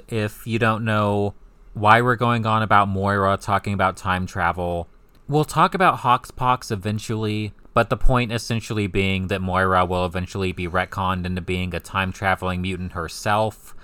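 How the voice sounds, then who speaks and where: A man co-hosting a casual comic-book podcast, relaxed and wry as he steers the talk. His voice is lowish, smooth and bright. It is recorded close on a dry mic. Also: no room sound. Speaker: podcast co-host.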